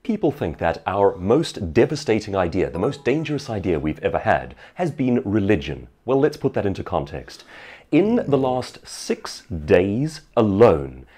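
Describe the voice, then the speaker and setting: A man with an English accent delivering a scripted commentary video in a measured, declamatory way. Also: on the low side, very animated, warm tone, breathy edge.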